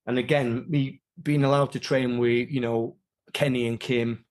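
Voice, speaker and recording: A man, an interview guest telling rambling, animated stories in casual chat. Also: mid-range voice, a little slow. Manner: animated, rambling, many restarts.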